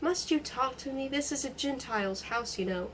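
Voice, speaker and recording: A woman reading a novel aloud, putting on a blustering, rambling man with a high, hoarse voice and a strangely feminine manner. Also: moderate pace, recorded from a distance, a little hiss or hum, natural voice. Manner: drawling, mocking, rambling. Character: fussy, blustering middle-aged man in a fog.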